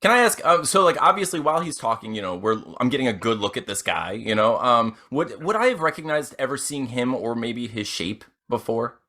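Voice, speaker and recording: A man's voice: mid-range voice, very animated, a little fast, few pauses, pushed and bright. A man playing a tabletop game, rambling with fillers and frequent laughs. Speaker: player. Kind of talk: casual tabletop role-play.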